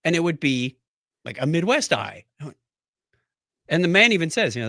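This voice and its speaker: A man's voice: fairly high pitch, very animated, moderate pace, pushed and bright, no room sound, studio quality. A man co-hosting a podcast, telling a rambling story in casual chat and laughing often. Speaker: podcast co-host.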